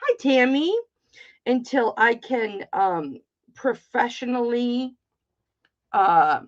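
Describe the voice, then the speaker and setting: Slow-paced, with lively intonation and a voice on the high side, a middle-aged woman chats casually while running a live jewelry auction. She swears freely and greets viewers by name, and the stream audio sounds dull and lo-fi.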